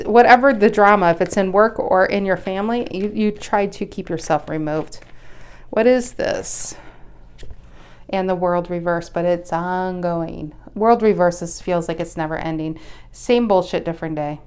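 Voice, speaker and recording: A woman giving a casual tarot reading with a smooth, resonant voice. She talks bluntly and chattily to her viewers, swears offhandedly, and often breaks off to restart her sentences. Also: lowish voice, normal speed, a little mellow. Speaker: tarot reader.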